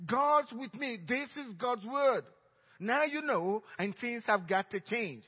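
A middle-aged man with a Nigerian accent preaching a sermon as pastor, telling stories emphatically and swinging between loud outbursts and hushed asides. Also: extremely high pitch, lively intonation, slow, slightly rough. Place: church sanctuary. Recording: dull reverberant church recording.

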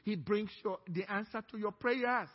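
Pastor, male, very high husky voice, emphatic sermon delivery, echoey church hall. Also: moderate pace, highs cut off. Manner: emphatic preaching with call-and-response to the congregation. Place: church sanctuary.

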